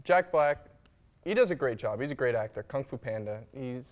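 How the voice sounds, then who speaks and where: A man's voice: medium pitch, expressive, normal speed, dull audio. A man on a casual panel, talking emphatically and with enthusiasm.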